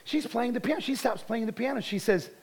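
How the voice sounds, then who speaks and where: High-pitched male preacher, fervent testimony-style sermon, repeats himself for emphasis. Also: brisk, vocal fry, breathy edge. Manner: fervent, repeats words when building a point.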